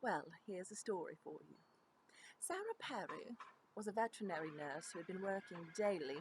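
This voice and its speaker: A woman's voice: medium pitch, sing-song, normal speed, slight background noise, lightly acted, low-quality recording. A woman reading a story aloud in a put-on proper British accent, pronouncing each H with care. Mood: measured. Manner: careful, precise reading with crisp H's.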